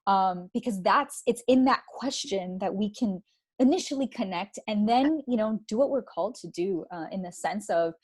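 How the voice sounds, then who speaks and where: In a conversational interview, a woman author appears as a guest and tells stories animatedly, peppering them with lots of "like" and "you know." Her mid-range voice is slightly rough and moves at a normal speed.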